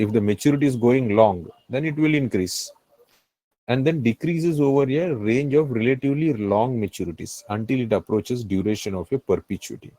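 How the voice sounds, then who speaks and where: A man with a low, mellow voice and an Indian English accent, recorded dry and close. He lectures on finance and repeats key phrases over and over, often stopping to ask whether the class understands. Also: no echo, poor audio. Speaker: finance tutor.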